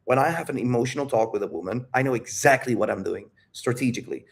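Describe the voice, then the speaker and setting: A man's voice: mid-range voice, fast talker, vocal fry. A man talking candidly about dating and his emotions, rambling and calling the listener "dude". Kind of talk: casual talk.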